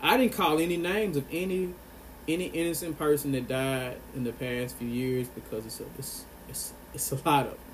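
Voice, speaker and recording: A man's voice: a little high, fairly even intonation, a little fast, slight background noise. Earnest man delivering an impassioned monologue. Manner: earnest and emphatic, repeats phrases for stress. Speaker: vlogger.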